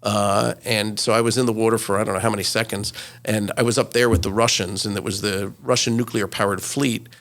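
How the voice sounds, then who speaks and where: A man in his sixties, a retired news correspondent, telling lively anecdotes as an interview guest, with many fillers. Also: lowish voice, a little fast. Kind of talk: interview storytelling.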